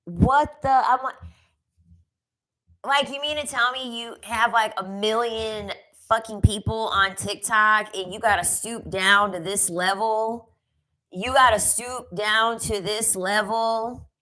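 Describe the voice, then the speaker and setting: This is a woman delivering a casual commentary rant. She talks in a sassy, emphatic way and often repeats a line for punch. Her voice is bright and forceful. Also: on the high side, steady tone, slow, rough recording. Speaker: commentary vlogger.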